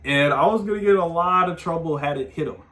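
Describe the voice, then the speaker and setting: A man talks straight to his audience in a casual storytelling monologue. His voice sits a little high. He speaks in loose slang and swears freely. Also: fast. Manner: animated, slangy, swearing, frequent "man" tags. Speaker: podcast host giving advice.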